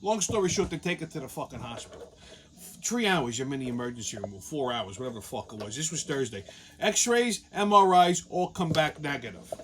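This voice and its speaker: A show host with a high-sided voice speaks briskly over background noise, launching into a long, profane story in a casual rant. Animated, he keeps jumping into other people's voices to act out their lines.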